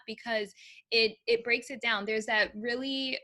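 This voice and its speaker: A woman's voice: on the high side, steady tone, unhurried, sharp tone. A woman hosting a podcast, responding to her guest in an enthusiastic, encouraging way. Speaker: podcast host. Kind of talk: casual interview chat.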